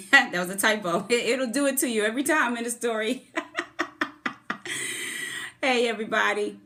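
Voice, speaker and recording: A woman's voice: fairly high pitch, moderate pace, fairly bright tone. A middle-aged woman and former therapist hosting a live-streamed motivational talk, effusively greeting viewers by name before her topic. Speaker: host of a motivational livestream. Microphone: phone camera.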